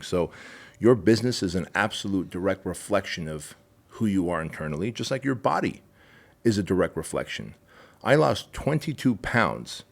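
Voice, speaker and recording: A man with a lowish voice speaks as a podcast guest. His delivery is emphatic and preachy, with plenty of swearing as he drives each point home. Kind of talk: casual interview chat.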